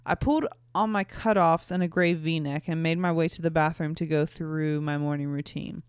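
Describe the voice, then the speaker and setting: A woman's voice: sits low, fairly even intonation, normal speed, clean tone, dry recording, clean studio sound. A tipsy young woman from North Carolina, hosting a podcast and reading her teen fanfic aloud with giggly, self-mocking asides. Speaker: podcast host.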